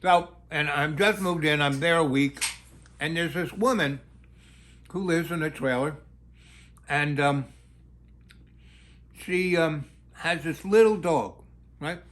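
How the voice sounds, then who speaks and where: Middle aged guy spinning a story, lots of ums, bit higher voice. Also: slow pace, pauses often. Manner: animated, full of fillers and restarts. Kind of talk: rambling storytelling.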